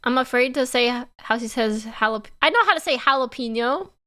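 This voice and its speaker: High, lively woman streamer. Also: brisk. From Canada. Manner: playful, exclaiming, teasing chat. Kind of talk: live-stream reaction commentary.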